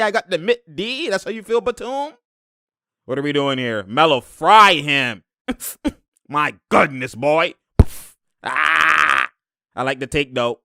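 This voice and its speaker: A young man giving casual reaction commentary on basketball footage, excitable and slangy, laughing often and slipping into high mimicking voices. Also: clear, resonant tone, no room sound, studio quality.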